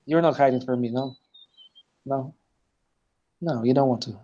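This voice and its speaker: A man's voice: medium pitch, unhurried, warm tone, lo-fi sound. A male teacher giving a live online lesson, explaining step by step with many hesitant fillers. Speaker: language teacher.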